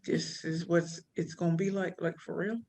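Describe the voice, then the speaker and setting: A woman, a podcast guest telling her life story in a casual, animated and slangy way, often voicing the people she quotes. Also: lowish voice, normal speed. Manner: animated, slangy, quoting others in voices. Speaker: podcast guest, pitch coach and speaker.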